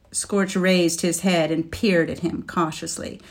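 A woman narrating a fantasy storybook in a measured, even manner. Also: on the low side. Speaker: audiobook narrator.

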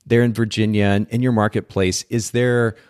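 A man's voice: on the low side, flat delivery, moderate pace, a little mellow, smooth, no echo, clean studio sound. A middle-aged man hosting a podcast interview in a chatty, upbeat way, often restarting his phrases. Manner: upbeat, chatty, self-correcting. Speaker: podcast host.

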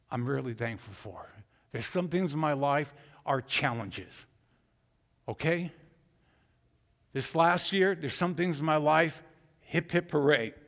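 Male pastor, animated sermon, loud then hushed, slow delivery, church hall reverb. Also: a little high. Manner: animated, acts out God's voice, swings from loud to hushed.

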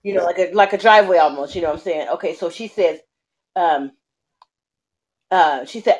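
A woman calling into a podcast, telling a story in animated, slangy casual talk with many fillers. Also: lowish voice, normal speed, long pauses, breathy edge, poor audio. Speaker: caller.

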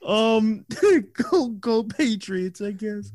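Giggling, slow-talking podcast co-host man. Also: very high-pitched, lively intonation, no room sound, clean studio sound. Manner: giggly, swearing, slow drawl. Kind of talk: casual sports podcast banter.

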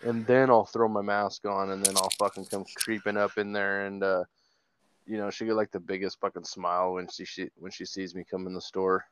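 A man's voice: sits low, level tone, fairly quick, fairly bright tone, clean tone. A man co-hosting a podcast, talking in a laid-back, profane way and stumbling over repeated words. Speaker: podcast co-host. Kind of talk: casual chat.

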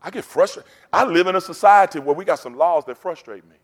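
A man's voice: high-pitched, animated, fast talker. A pastor preaching a sermon, rousing and call-and-response in his delivery. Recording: long hall reverb.

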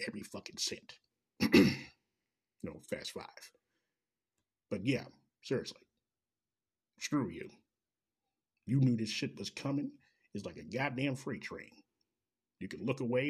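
A man's voice: lowish voice, breathy edge. A man delivering an angry, profane, sarcastic rant straight to the listener. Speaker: commentator. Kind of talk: ranting commentary.

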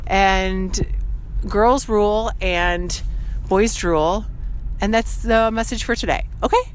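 A woman's voice: mid-range voice, slow, a little hiss or hum. A woman in her forties hosting a casual solo podcast from her studio, rambling and chatty with frequent laughs. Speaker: podcast host.

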